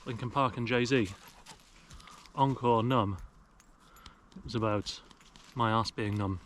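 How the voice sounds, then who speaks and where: A young British man talks casually and wryly in the open air, poking fun at himself as he rambles. His voice sits at an ordinary middle pitch, picked up by an action camera. A faint wash of woodland noise stays behind him. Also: takes it slowly, a bit bright. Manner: wry, self-mocking, rambling jokes. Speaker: outdoor vlogger. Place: woodland outdoors.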